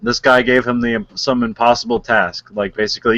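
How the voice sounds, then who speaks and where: A man talks casually on a podcast, rambling through his story with constant filler words and quick laughs. His voice sits in an ordinary middle range. The sound is dry and close, with no room echo. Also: mid-range voice, level tone, sharp tone, dull audio. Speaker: podcast co-host. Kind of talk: casual chat.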